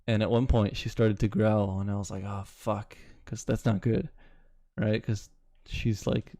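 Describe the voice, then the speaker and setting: A man's voice: fairly low pitch, fairly even intonation, normal speed, dark tone, no echo, studio quality. A young man, chatting casually with his live-stream audience, rambling and swearing now and then. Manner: rambling, swears casually, reads chat aloud. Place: home, city with bootcamps he attended.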